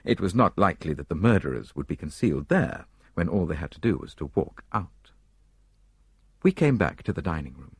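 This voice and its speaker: A man reads an audiobook in a measured, expressive manner. His low voice moves lively up and down, with a husky edge, in a dry, close recording. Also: dry recording. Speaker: narrator. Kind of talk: audiobook narration.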